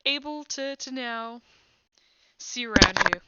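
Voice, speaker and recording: A woman's voice: a little high, a little slow, bright, forceful tone, clean tone, dry recording, lo-fi sound. A woman acting as game master, narrating a tabletop game in a playful, amused way.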